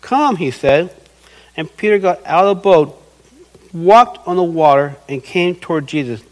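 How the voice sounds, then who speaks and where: High-voiced earnest male preacher. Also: unhurried, darkish tone, poor audio. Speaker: pastor. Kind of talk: sermon.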